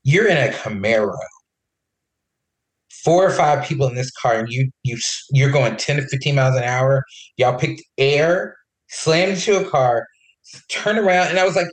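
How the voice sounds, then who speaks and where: Animated man telling a story. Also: medium pitch, moderate pace, roomy sound, rough recording. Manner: animated, quotes others in his retelling. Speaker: podcast co-host. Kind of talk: casual storytelling chat.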